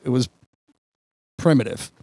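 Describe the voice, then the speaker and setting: A man on a podcast, telling a long story in a rambling, animated way with many restarts. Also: measured pace, no room sound, clean studio sound. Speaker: podcast host. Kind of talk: casual storytelling chat.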